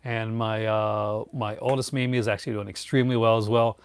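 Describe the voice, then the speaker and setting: A man's voice: on the low side, flat delivery, brisk, clean tone, no echo. A middle-aged man hosting a casual live chat, rambling with many fillers and restarts and chuckling often. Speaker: host.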